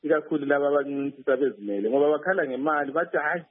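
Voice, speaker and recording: A man's voice: a little high, very fast, husky. A male field reporter phoning in a news report, speaking hesitantly with many fillers and restarts. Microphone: telephone. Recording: tinny phone line.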